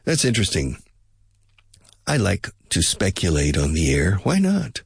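A man's voice: low-pitched, huge pitch swings, a little slow, gravelly, slightly rough, no echo, studio quality. A man teaching English in a casual spoken lesson, musing and speculating aloud and drilling pronunciation by repetition.

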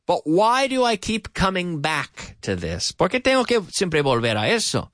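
A man teaches English on live radio, his pitch jumping all over as he drills words by repeating them slowly. He drops in Spanish phrases now and then. The studio mic sounds dry and close. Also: sing-song, a bit bright, no room sound. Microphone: studio microphone with headphones.

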